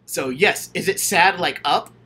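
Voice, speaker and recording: A man's voice: on the high side, measured pace, pushed and bright, breathy edge. A man hosting a casual livestream Q&A, answering viewer questions while holding his own camera. He talks in an enthusiastic, gushing way, full of fillers and restarts. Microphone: handheld camera, self-filmed.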